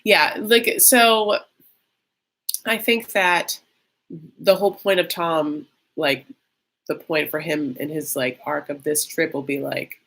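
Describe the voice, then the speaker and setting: A woman chats through a live reaction stream in a fairly low voice. She is catty and gossipy, reading viewer comments aloud as she goes. Her talk is loose and rambling, packed with "like". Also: steady tone, unhurried, fairly bright tone. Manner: chatty and catty, reads viewer comments aloud, heavy use of "like". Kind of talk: casual live reaction chat.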